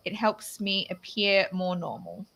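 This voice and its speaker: A woman's voice: mid-range voice, big pitch swings, measured pace, a bit bright. An Australian woman hosting a casual chat, talking loosely with many restarts and laughing often. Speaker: podcast host.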